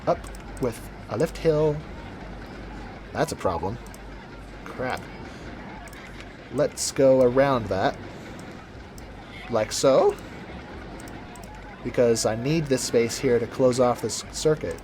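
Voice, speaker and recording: A man's voice: mid-range voice, slow pace, pauses often, darkish tone, a little hiss or hum. Chatty man narrating his gameplay. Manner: chatty, rambling, self-correcting asides. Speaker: gameplay commentator. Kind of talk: casual let's-play commentary.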